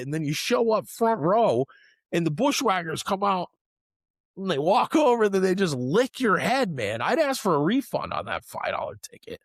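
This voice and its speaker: A middle-aged man co-hosting a podcast, telling stories in an animated way and often saying "man" and "dude". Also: sits high, normal speed, no echo, studio quality. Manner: animated storyteller, swears, says "man" and "dude" a lot. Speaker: podcast co-host. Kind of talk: casual chat.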